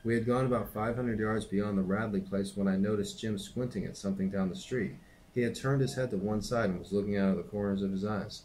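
Lowish-voiced man reading a novel aloud. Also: a little hiss or hum, low-quality recording. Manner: steady, unhurried narration. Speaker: reader and teacher.

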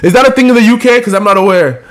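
A young American man with an excitable, slangy manner, reacting casually and talking to his chat with loud outbursts. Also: high-pitched, racing, background noise. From United States. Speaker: reaction streamer.

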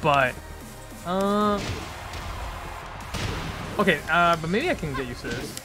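A woman streaming a fighting game live from her desk at home, excitable and swearing, breaking into yelps and shouts, with game music behind her. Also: lowish voice, takes it slowly. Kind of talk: live gaming stream commentary.

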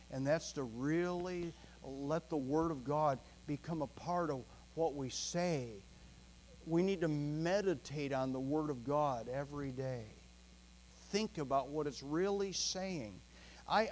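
In a church sanctuary, a male pastor preaches earnestly and emphatically, chuckling softly now and then as he shifts between slow, weighty phrases and quick bursts. His voice is fairly high, and the low-quality recording carries a little hiss or hum.

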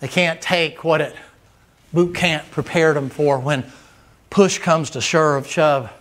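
A man's voice: fairly high pitch, slow. A man preaching a sermon in a folksy, storytelling manner. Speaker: guest preacher.

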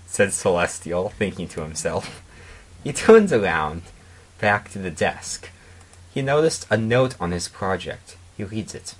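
A man with a very low, husky voice reads a piece of fan fiction aloud for comedy. He keeps a deadpan tone and drops in mocking asides as he goes. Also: measured pace. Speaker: narrator.

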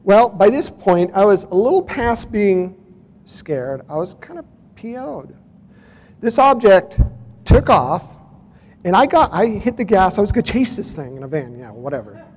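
A man tells a story to a conference crowd in a casual, wry way. His voice sits fairly high. The sound carries a long hall reverb. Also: big pitch swings, measured pace, a little mellow, husky. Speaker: conference speaker. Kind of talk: storytelling talk to an audience.

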